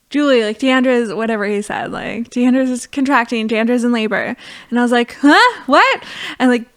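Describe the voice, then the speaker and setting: A woman's voice: mid-range voice, vocal fry. A woman who is a podcast guest and former doula, telling a story in a loose, chatty way with frequent laughter and lots of "like". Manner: laughs often while telling a story, full of "like". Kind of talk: casual storytelling.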